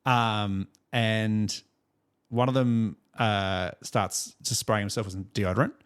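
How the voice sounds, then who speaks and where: Australian male podcast co-host, lower voice, loose rambling chatter with laughs. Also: steady tone, slow pace, smooth. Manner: rambling storyteller, many fillers and laughs. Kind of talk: casual chat.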